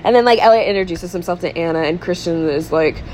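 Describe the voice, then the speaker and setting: With a lowish, slightly mellow voice and a quick pace, a young podcast co-host runs through a film recap in casual chat. She's full of fillers and "like," laughs often, and swears freely. The recording is rough, with slight background noise.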